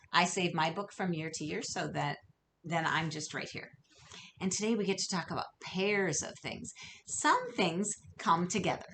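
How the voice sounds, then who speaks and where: Lady teacher doing a phonics lesson for little kids, slow and patient, faint noise behind. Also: on the low side, a bit bright. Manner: slow, patient, encouraging, exaggerated sounds. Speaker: kindergarten teacher. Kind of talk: recorded remote phonics lesson.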